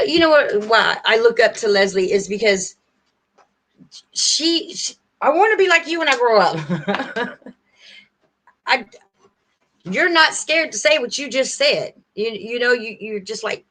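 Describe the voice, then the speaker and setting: A woman's voice: on the high side, fairly bright tone, slight background noise. Woman rambling heartfelt to her stream. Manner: rambling, heartfelt, talks straight to her viewers. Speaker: livestream host. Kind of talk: casual livestream chat.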